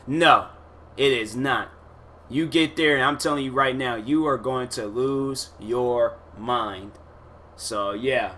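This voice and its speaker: Bright-voiced man telling a story. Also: mid-range voice, moderate pace. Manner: animated, exasperated, acts out his own reactions. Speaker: podcast host. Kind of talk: casual storytelling monologue.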